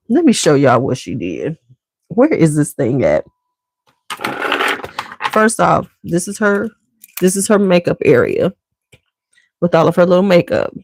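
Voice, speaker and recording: A middle-aged woman tells a rambling family story straight to her viewers in a loose, chatty way. Her voice sits fairly low with a gravelly edge. The sound is close and dry, with no room echo, from her home basement. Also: a little mellow. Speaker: vlogger.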